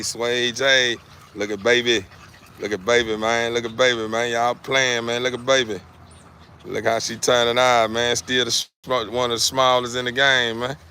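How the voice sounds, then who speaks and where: A man's voice: medium pitch, pushed and bright, slight background noise. Laid-back man talking to his dogs. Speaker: dog breeder showing his dogs. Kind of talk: casual vlog narration. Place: outdoor yard with dogs. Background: dogs playing.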